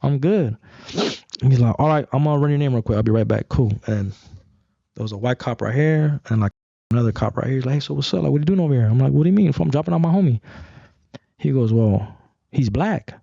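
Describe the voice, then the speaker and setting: A young man telling a story in casual talk, animated and acting out the voices of others. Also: mid-range voice, fast, vocal fry, no echo, dull audio. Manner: animated, acts out voices in stories, swears a lot. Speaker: guest.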